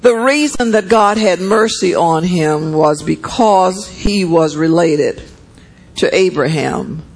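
A man's voice: sits high, slow pace, gravelly, low-quality recording. A man preaching a sermon and reading scripture aloud. He talks conversationally, often checks in with his listeners, and repeats words for emphasis.

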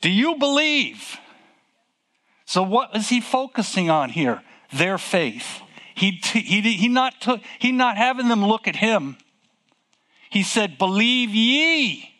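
Male preacher, high voice, slow deliberate delivery, emphatic and repetitive, rhetorical questions. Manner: emphatic, repeats phrases, exclaims with excitement; asks rhetorical questions to the listeners. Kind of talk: sermon.

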